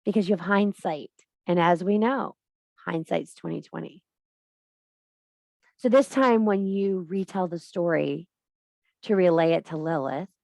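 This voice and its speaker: Woman, lower register, spiritual teacher type, blunt and preachy. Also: a little slow, gravelly, pauses often, dark tone, no room sound. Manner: blunt, emphatic, swears freely; preachy, addresses viewer directly. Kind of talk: spiritual monologue to camera.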